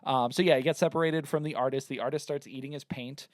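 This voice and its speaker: A man's voice: medium pitch, fairly even intonation, fast talker, no room sound, studio quality. A man co-hosting a podcast in casual chat, laid-back and often chiming in with short agreements. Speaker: podcast co-host.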